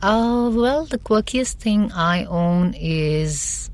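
A woman from India, a celebrity stylist, chatting casually as a guest with lots of fillers and animated asides. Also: medium pitch, extremely slow. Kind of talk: casual interview chat.

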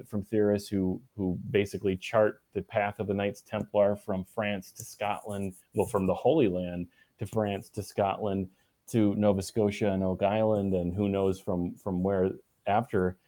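A man answering interview questions in a relaxed, halting way, with many restarts and fillers. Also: lowish voice, no echo. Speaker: guest. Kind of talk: casual interview conversation.

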